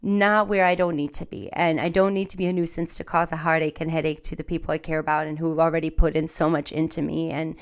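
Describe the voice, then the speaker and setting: A woman's voice: fairly low pitch, smooth. A woman hosting a podcast, telling a candid, emotional personal story in a rambling, self-deprecating way. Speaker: podcast host.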